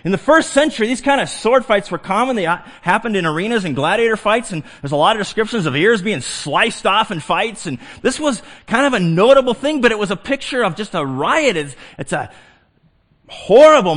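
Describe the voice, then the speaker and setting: Animated middle-aged male pastor preaching. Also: high voice. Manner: animated, swings from hushed to emphatic. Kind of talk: sermon.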